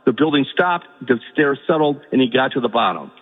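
Caller: husky man, mid pitch, halting and earnest, heard through a tinny phone line. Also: animated, in a large hall. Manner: halting, repeats words, rises to pleading. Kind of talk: emotional call-in story.

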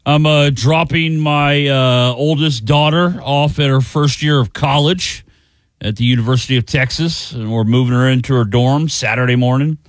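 A man's voice: medium pitch, normal speed, dry recording. A man in his forties, a radio co-host, telling a funny story in casual banter and mimicking other voices.

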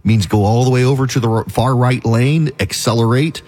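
A man's voice: medium pitch, fairly quick, a little mellow. A man hosting a talk show, delivering an emphatic, opinionated monologue in a conversational, repetitive way. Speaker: radio talk show host.

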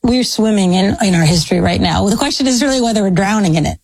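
A woman's voice: medium pitch, fast, darkish tone, husky, no room sound, poor audio. An American woman historian giving long, thoughtful, academic answers in an interview. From United States. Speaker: historian, guest. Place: speaking from a law school.

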